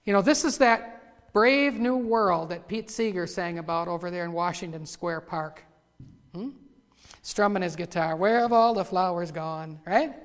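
A man preaching a sermon. He builds from quiet asides to loud, fervent cries when he reads scripture. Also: sits high, measured pace. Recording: long hall reverb.

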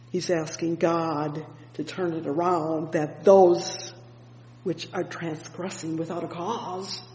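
A man preaching an evening sermon, explaining a psalm with fervent interjections of "oh yes" and "praise the Lord", reading scripture slowly and deliberately. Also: a little high, darkish tone. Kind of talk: evening sermon, Bible exposition. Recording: echoey hall with long reverb.

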